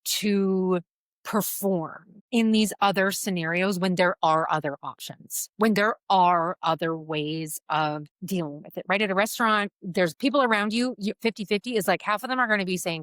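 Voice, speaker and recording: A woman's voice: mid-range voice, moderate pace, fairly bright tone, no echo, clean studio sound. A woman hosting a podcast who works as a counselor, speaking reflectively and often tagging her thoughts with "like" and "right?". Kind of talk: reflective conversation.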